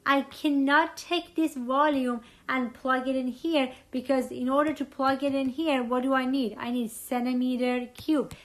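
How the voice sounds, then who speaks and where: Higher-voiced woman teaching chemistry. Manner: questioning, repeats key points to students. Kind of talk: recorded lecture.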